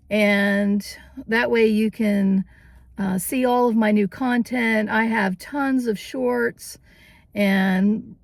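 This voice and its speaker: A woman's voice: a little high, creaky, no room sound. A woman hosting a casual vintage-shopping vlog, chatty and cheerful, often laughing as she talks. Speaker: vintage vlogger.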